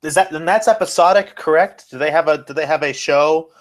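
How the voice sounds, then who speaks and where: A man co-hosting a casual wrestling and sports podcast, excitable and rambling, swearing as he goes. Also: a little high, brisk. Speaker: podcast co-host. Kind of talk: casual chat.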